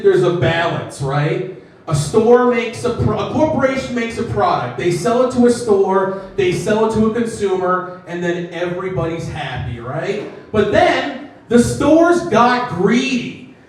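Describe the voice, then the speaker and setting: A man's voice: sits high, animated, unhurried, recorded from a distance. A man doing a stand-up comedy set, self-deprecating and acting out characters in voices, recorded in an echoey room from off the mic.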